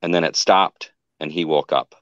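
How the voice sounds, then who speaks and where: Low-voiced man rambling through an eerie story. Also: moderate pace, fairly bright tone, no echo, muffled recording. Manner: rambling, restarts and self-corrections. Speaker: guest telling an encounter. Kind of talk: casual storytelling.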